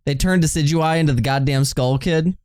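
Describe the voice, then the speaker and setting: A man streaming video games and chatting casually, excitable, laughing often and swearing as he reacts. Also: fairly high pitch, fairly quick, no room sound, studio quality. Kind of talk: casual livestream chat.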